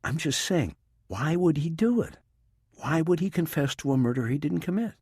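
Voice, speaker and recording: A man's voice: on the high side, expressive, moderate pace, darkish tone, breathy edge, no echo, studio quality, pitched above the performer's own voice. A man voicing a skeptical female federal agent in an audiobook, pushing back with doubting questions. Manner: doubting, pushes back hard.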